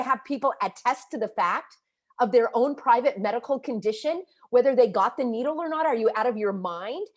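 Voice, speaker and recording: A woman's voice: a little high, animated, fairly quick. A woman vlogger ranting to camera, upset and agitated, scolding and calling people out with emphatic indignation. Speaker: vlogger and activist. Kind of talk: impassioned direct-to-camera rant.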